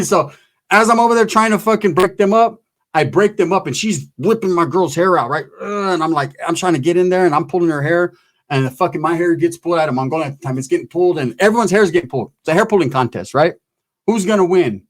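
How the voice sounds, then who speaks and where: Brief: male stand-up comic, raunchy rambling storyteller, slightly raised pitch. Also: expressive, fast. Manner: crude, rambling, tags lines with "right?"; acts out voices of people in the story. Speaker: stand-up comedian.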